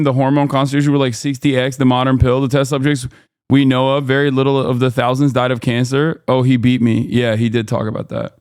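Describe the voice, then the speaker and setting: A man's voice: mid-range voice, a little mellow, smooth, no echo, studio quality. A man hosting a live reaction stream, casual, joking and sarcastic, and talking back to his chat. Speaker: streamer host.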